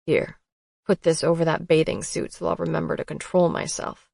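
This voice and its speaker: A woman's voice: little pitch movement, moderate pace, gravelly, dry recording, clean studio sound, heavily acted. Woman voicing a tender young man. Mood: gentle. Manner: low, soft, emotional.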